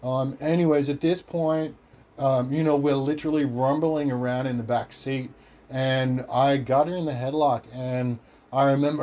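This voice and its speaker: A man's voice: mid-range voice, fairly even intonation, normal speed, darkish tone. A man with an Australian accent, telling a story on his podcast in a rambling way, cursing freely and acting out what others said. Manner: rambling, profane, acts out quoted voices. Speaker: podcast host. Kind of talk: casual storytelling.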